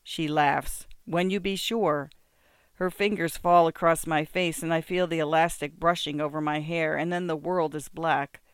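Smooth, measured audiobook narrator. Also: medium pitch, level tone, no room sound, clean studio sound. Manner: measured, descriptive, smooth delivery. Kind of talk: first-person literary audiobook reading.

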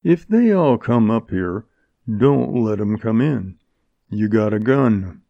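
A man reading an audiobook, voicing a gruff, guarded outlaw speaking in a low, measured, warning way. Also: lively intonation, no room sound, full character voice. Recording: dull lo-fi recording.

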